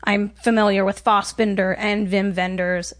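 A woman joining a casual film podcast at a middle pitch. She speaks thoughtfully and modestly, with hesitant fillers. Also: level tone, moderate pace.

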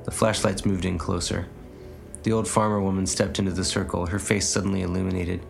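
A man narrating an audiobook story in a measured, even way. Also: low-pitched, creaky, soft background music. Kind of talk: audiobook reading.

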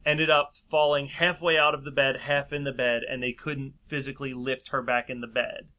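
A man's voice: mid-range voice, flat delivery, moderate pace, sharp tone. A man casually telling a long story in a chat, rambling and laughing often. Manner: rambling, laughs often, acts out quoted voices.

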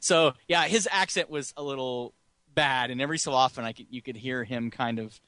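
Bright-voiced man, casual podcast chat. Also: medium pitch, a little fast, no room sound. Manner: rambling, chuckles often. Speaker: podcast co-host.

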